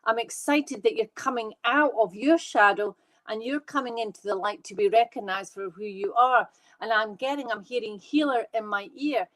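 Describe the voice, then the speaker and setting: A woman working as a medium, giving live readings to viewers in an excitable, fast, reassuring way. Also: fairly high pitch, low-quality recording. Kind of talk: live online psychic reading.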